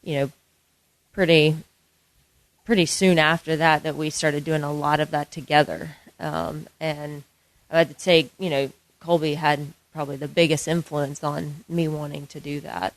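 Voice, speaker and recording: A young woman, a golf and fitness instructor, answering interview questions softly with many ums and fillers. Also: sits low, fairly even intonation, measured pace. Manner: soft-spoken, many ums and you-knows.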